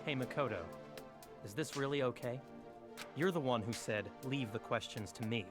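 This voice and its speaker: A man voicing a cool, skeptical young man from a video game, blunt and questioning. His voice is of middling pitch, with game music behind it. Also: moderate pace, lightly acted. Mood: doubtful.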